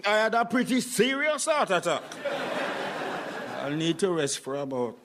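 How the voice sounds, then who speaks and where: A cheeky sarcastic old Brummie dad. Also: male voice, high-pitched, sing-song, normal speed, heavy background noise. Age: older. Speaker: record shop owner. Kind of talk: radio sitcom acting.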